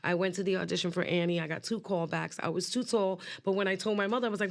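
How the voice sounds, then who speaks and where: Chatty, animated woman telling stories. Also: fairly low pitch, fast, gravelly, few pauses. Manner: lively, chatty, acts out the people in her stories. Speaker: guest singer. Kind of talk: storytelling in a podcast interview. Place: podcast studio.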